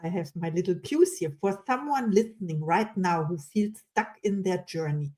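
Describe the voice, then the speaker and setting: A woman's voice: on the low side, animated, normal speed. A woman hosting a podcast interview, talking in an enthusiastic and effusive way. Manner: enthusiastic, warm and effusive with praise. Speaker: podcast host. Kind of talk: casual interview chat.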